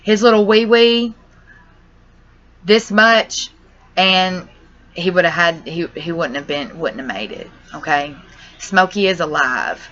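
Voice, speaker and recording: A young woman talks straight to her vlog viewers, rambling and distressed, swearing as she goes. Her voice sits a little low but has a bright, tense edge. The audio is dull and lo-fi. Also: slow pace, pauses often. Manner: distressed, rambling, says y'all and cusses. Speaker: vlogger. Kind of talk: emotional personal vlog.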